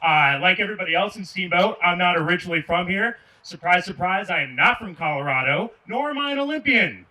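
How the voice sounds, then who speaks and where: This Michigan comic talks fairly quickly with few pauses, his high voice animated, pushed and bright as he sarcastically teases the audience at an outdoor park show. He holds a stage mic and addresses the crowd directly, recorded from afar with a little noise.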